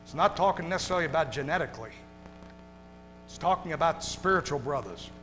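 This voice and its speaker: Man, pastor, preaching sermon, hushed to shouting, long church reverb, music behind. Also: a little high, animated, fast talker. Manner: swings from hushed and tender to loud shouting. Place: church sanctuary.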